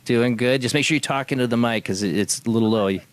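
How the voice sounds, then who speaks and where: A man's voice: mid-range voice, fast talker, no room sound. An American man hosting a call-in show, friendly and laughing often, stammering as he starts his sentences. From United States. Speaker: host of a call-in spirit-box show. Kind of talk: casual live-stream chat.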